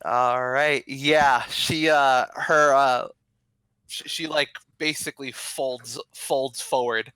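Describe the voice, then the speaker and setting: Male game master, slow, halting delivery, dry close-mic sound. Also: medium pitch, fairly even intonation, pushed and bright, clear, resonant tone, dry recording. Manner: halting, many ums and restarts. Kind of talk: narrating a tabletop game.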